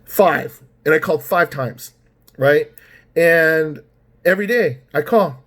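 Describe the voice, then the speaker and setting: A man's voice: a little high, slow, fairly bright tone. A man vlogging a rambling, exasperated rant about his personal experience, full of fillers and restarts. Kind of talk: ranting personal story.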